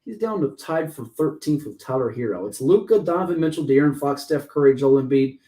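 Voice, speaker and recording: A man hosting a sports talk show, talking fast and joking excitedly with his co-host. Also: mid-range voice, rough recording. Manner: fast, excitable, jokey and talkative.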